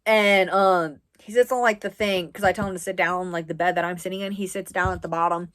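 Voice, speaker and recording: A woman in her twenties from the US East Coast, telling a personal story to camera in a casual, rambling way, with lots of "like" and quick asides. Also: fairly low pitch, steady tone, fairly bright tone. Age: 20s. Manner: chatty, rambling with frequent "like". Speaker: vlogger.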